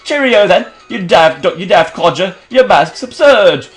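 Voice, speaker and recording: A man's voice: high-pitched, lively intonation, unhurried, soft background music, voice pushed up. A man voicing a cocky male villain grunt in a put-on British-sounding accent, rude and brash. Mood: taunting.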